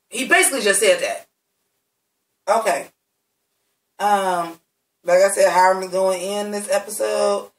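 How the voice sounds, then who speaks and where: A man with a bright, sharp-edged voice tears through a TV episode recap, cursing freely and speaking straight to his audience. He sits back from the mic, and the room around him rings with echo. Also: high voice, a little slow, pauses often, distant mic. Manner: blunt and heavily cursing, talks straight to viewers. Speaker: TV recap reviewer. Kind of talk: profane, sassy episode recap.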